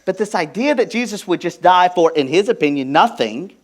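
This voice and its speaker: A man preaching a sermon as pastor, emphatic, moving from hushed, intimate lines to loud, stressed ones. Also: high voice, expressive, brisk. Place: church.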